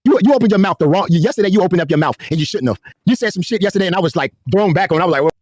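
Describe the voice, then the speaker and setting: A man's voice: high-pitched, expressive, racing, darkish tone. A man ranting angrily and profanely, calling someone out in a confrontational way. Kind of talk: angry rant.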